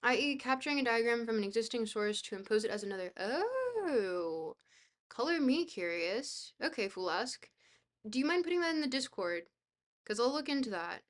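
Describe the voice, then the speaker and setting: Talking fast with lively intonation, a woman with a slightly high voice reads a dense book on a live stream. She often pauses to chat, stumbles over fillers, and laughs at herself in a self-deprecating way.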